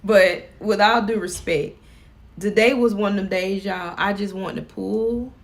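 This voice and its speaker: A woman's voice: mid-range voice, fairly even intonation, measured pace. A middle-aged woman vlogging from home, chatting casually and laughing as she talks to her viewers.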